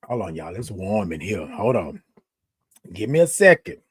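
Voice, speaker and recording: A man's voice: fairly low pitch, big pitch swings, normal speed, breathy edge. Affirming man talking to viewers. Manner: repetitive, affirming, emphatic; talks directly to viewers. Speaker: host. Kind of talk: motivational livestream talk.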